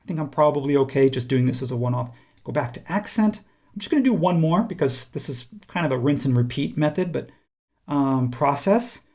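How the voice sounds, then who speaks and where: Relaxed man walking through a software tutorial. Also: fairly high pitch, brisk. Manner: relaxed, conversational, thinks aloud while clicking. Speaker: instructor. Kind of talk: screen-recorded software tutorial.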